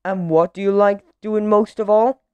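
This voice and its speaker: A woman's voice: medium pitch, steady tone, moderate pace, darkish tone, smooth, highs cut off, pitched above the performer's own voice, lightly acted. A woman voicing a cheerful, friendly male character in a children's storybook, in an eager, upbeat voice. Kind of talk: storybook read-aloud.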